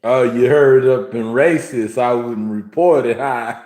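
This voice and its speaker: A man's voice: mid-range voice, unhurried, darkish tone, roomy sound. A young man hosting a livestream, indignantly scolding a viewer in the chat with repeated questions. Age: young adult. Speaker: livestream host.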